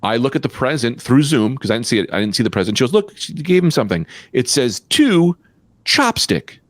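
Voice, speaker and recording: A man co-hosting a comedy podcast, telling stories in a fast, profane, animated rant. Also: dry recording. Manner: animated, profane, quick rants with pitch jumps. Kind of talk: casual storytelling chat.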